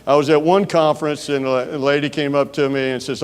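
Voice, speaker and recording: A man with a Southern US accent gives a conference keynote speech, telling stories in a folksy way with frequent filler pauses. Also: on the high side, fairly even intonation. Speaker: keynote speaker. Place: large conference hall. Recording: long hall reverb.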